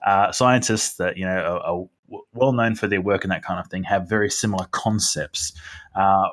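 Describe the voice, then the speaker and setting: A man with a lowish voice chats casually on a podcast. He rambles through his story, full of "you know" and restarts. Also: fairly even intonation, moderate pace, fairly bright tone. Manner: rambling, filler-heavy storytelling. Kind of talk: casual chat.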